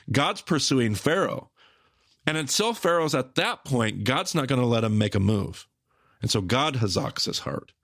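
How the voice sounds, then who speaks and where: A man hosting a podcast, explaining Bible stories with emphatic, repetitive phrasing that speeds up and slows down. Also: mid-range voice, gravelly, dry recording, clean studio sound. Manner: emphatic, repetitive, with rapid bursts and slow stressed phrases. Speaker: podcast host teaching the Bible. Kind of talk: animated teaching conversation.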